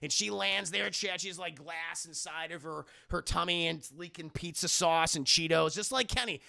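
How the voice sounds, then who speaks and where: A man's voice: a little high, normal speed, creaky, bright, forceful tone. A man hosting a livestream, animatedly recapping a film to his chat with lots of profanity. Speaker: streamer host.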